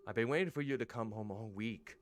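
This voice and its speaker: A man's voice: fairly low pitch, quick pace. A male streamer reading game text aloud and commenting, stumbling over pronunciations.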